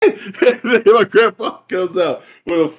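Profane, animated male storyteller. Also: high-pitched, normal speed. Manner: profane, animated, acts out scenes. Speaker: podcast co-host. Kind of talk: casual storytelling.

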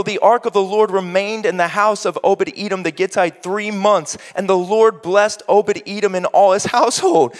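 High-voiced preacher in a reverberant hall. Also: male voice, fairly even intonation, moderate pace, few pauses. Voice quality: preaches in rising bursts, quoting imagined voices. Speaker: pastor. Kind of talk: sermon.

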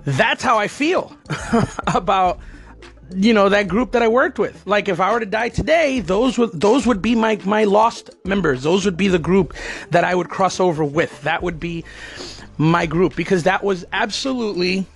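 A man's voice: sits high, normal speed, creaky, breathy edge, soft background music. A man, a former alligator wrestler, telling a personal story in a rambling, digressive way.

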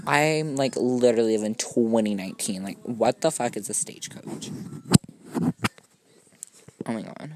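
A man's voice: mid-range voice, steady tone, moderate pace, long pauses. Young man with a gushing valley-girl drawl. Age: young adult student. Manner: gushing valley-girl drawl, constant "like" and "oh my god", casual swearing; scattered, self-mocking, jumps between topics. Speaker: podcast host. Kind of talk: rambling solo podcast monologue.

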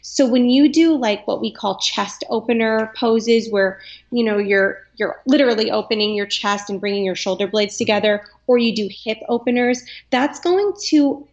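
A woman's voice: on the high side, moderate pace, highs cut off. A young adult woman, a yoga teacher, talking earnestly in a podcast interview and filling her speech with "like.". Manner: earnest, chatty, lots of "like".

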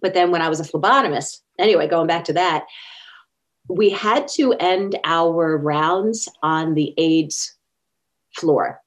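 A woman with a low-pitched voice and measured pace tells personal stories as a guest in an interview. She is earnest and acts out the quoted speech in her tales.

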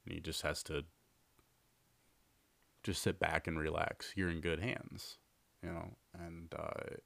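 A man's voice: deep voice, flat delivery, slow pace, vocal fry, a bit bright, dry recording. A man hosting a podcast, casually telling a long story with lots of fillers and restarts. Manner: rambling, filler-heavy, repeats himself. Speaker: podcast host.

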